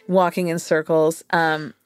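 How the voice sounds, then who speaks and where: A woman's voice: sits low, flat delivery, takes it slowly, clean tone, dry recording. A woman co-hosting a podcast, telling a story in a playful, casual way, laughing often and acting out quoted voices. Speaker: podcast co-host.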